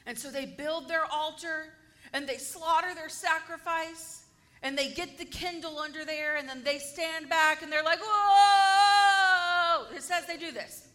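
A woman's voice: high voice, moderate pace. A woman teaching a Bible story to a group, acting it out dramatically and asking her listeners questions. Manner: animated, acts out the story and asks the audience questions.

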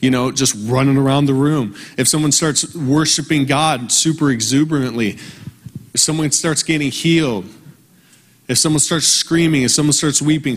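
A man in his thirties preaching a conversational, earnest sermon, slowing down for emphasis. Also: medium pitch. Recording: long reverb from a large hall.

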